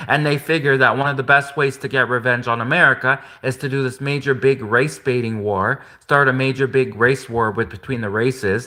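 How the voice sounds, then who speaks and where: A man's voice: mid-range voice, bright, forceful tone. A man talking straight to camera in a rambling, indignant vlog rant, circling back and repeating himself. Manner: indignant, repetitive, rambling with restarts. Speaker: vlogger. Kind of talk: casual ranting monologue.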